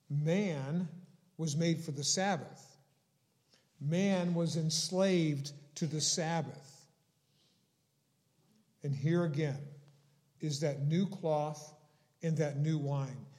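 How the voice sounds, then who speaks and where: Guy giving a sermon, takes his time, kinda high voice, stresses words. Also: a little mellow. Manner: slow, deliberate preaching with stressed words. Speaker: pastor.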